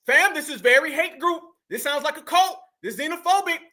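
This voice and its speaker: A man with a very high, piercing voice, delivering emphatic commentary like he's preaching. He speaks straight to his audience and pushes every point hard. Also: animated, fairly quick, bright, forceful tone. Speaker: podcast host. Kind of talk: political commentary.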